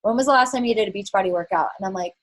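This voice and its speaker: A woman's voice: medium pitch, racing. Frank, chatty woman coaching her team. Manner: frank and chatty, swears, many fillers. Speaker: network marketing fitness coach. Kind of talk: candid motivational team call talk.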